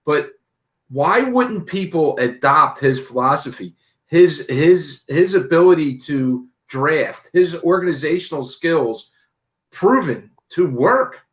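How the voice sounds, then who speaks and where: A man's voice: fairly high pitch, lively intonation, slow pace. A man co-hosting a casual sports podcast, rambling and repeating words as he thinks. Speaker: podcast co-host. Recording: roomy echoey mic.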